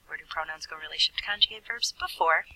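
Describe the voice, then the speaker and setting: A woman's voice: low-pitched, racing, sharp tone, far from the mic, a little hiss or hum, low-quality recording. A woman Spanish teacher explaining grammar patiently, step by step, in a recorded lesson. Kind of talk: recorded classroom lesson with screen writing.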